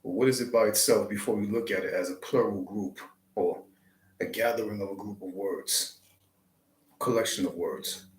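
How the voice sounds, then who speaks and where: A man hosting his channel, giving a slow, reflective spiritual talk with deliberate, drawn-out phrasing. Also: on the low side, steady tone, reverberant, slight background noise, poor audio. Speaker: channel host.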